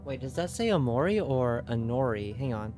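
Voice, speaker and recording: A woman's voice: a bass voice, expressive, moderate pace, music in the background. A young woman streaming a game, chatting casually and asking her viewers lots of questions. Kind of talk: casual livestream chat.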